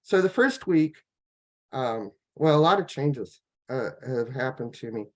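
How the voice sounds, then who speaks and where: A woman on a laptop video call, telling her personal health story in a rambling, halting way, full of fillers and restarts. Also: rumbling low, lively intonation. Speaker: guest sharing a health testimonial. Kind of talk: casual personal testimony.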